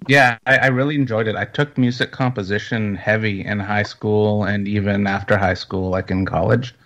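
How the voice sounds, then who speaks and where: A man chatting casually as a co-host, relaxed and hesitant with fillers. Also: on the low side, moderate pace. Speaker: co-host, paranormal investigator. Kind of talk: casual chat. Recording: dull lo-fi audio.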